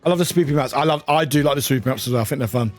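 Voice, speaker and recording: A man casually chatting with viewers on a live stream, animated and chatty, laughing often and exclaiming loudly. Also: mid-range voice, rapid-fire, soft background music. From United Kingdom.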